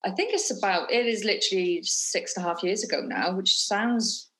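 A woman's voice: medium pitch, normal speed, a bit bright. A woman, a business owner chatting as a guest in a chatty, self-deprecating way. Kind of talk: casual interview chat.

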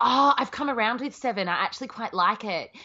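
A woman's voice: fairly high pitch, lively intonation, fairly quick, sharp tone, muffled recording. A woman from Australia co-hosting a podcast in casual chat, enthusiastic and laughing often. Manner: enthusiastic, laughs a lot, addresses listeners. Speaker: podcast co-host.

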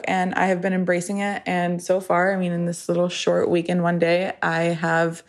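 A woman of thirty talks straight to her podcast listeners in a relaxed, rambling way, with "like" and "you know" running through her sentences. Her voice sits a little low for a woman. She pokes fun at herself as she goes. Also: normal speed, few pauses. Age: 30s. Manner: chatty, filler-heavy, self-deprecating. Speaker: podcast host. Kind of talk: casual solo podcast monologue.

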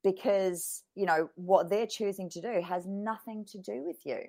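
A woman's voice: medium pitch, normal speed, darkish tone. A woman in casual podcast chat who talks frankly and earnestly and swears casually.

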